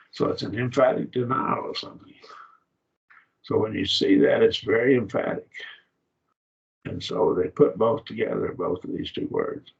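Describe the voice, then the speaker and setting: A man teaching a Bible study class in a casual lecture, talking in halting phrases and repeating words as he explains. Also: low voice. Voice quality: gravelly and husky. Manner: halting, repeats words, uses fillers and "see?". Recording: dull lo-fi classroom recording.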